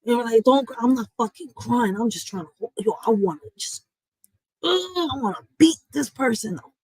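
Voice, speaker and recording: A reaction streamer, this woman rants bluntly and heatedly at her live chat, swearing, swinging suddenly between loud and quiet, and often saying "listen" and "y'all" as she addresses viewers directly. Her voice is on the high side, expressive, and slightly rough, at a normal speed. The recording is dry and the audio poor.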